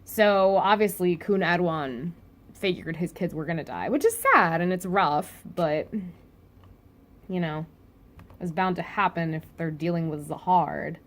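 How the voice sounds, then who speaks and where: A woman's voice: on the low side, animated, unhurried, fairly bright tone. A woman casually reviewing a comic chapter, chatty and full of fillers and restarts.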